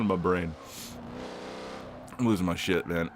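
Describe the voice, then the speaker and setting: A young man giving casual, rambling commentary while playing a racing game, swearing often and filling pauses with lots of ums. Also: sits low, steady tone, a little hiss or hum. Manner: rambling, swears a lot, many fillers. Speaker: gaming channel host.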